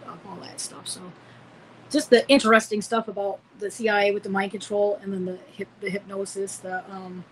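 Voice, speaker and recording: A woman in her forties from Illinois, United States, guests on a podcast and tells personal stories in a rambling, casual interview style, full of fillers and restarts. Her medium-pitched voice is flat and fairly quick. The low-quality recording carries slight background noise.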